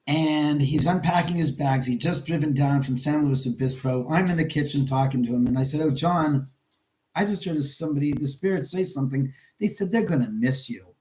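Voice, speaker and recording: Middle-aged male livestream host, slightly high voice, rambling and chatty, streaming from home. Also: a little fast, a little mellow, poor audio. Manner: rambling storyteller, reads chat aloud. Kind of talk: casual livestream chat. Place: his house, indoors.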